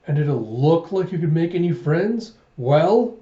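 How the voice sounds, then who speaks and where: A man voicing a stern older swordsman who scolds sharply and speaks gravely. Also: medium pitch, normal speed, warm tone, echoey room, dull audio, close to an everyday voice. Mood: scolding.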